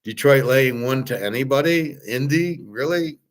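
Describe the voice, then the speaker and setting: A man hosting a sports betting show, talking in an excited, rambling way, swearing freely and restarting his sentences. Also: medium pitch, moderate pace. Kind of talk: excited casual betting talk.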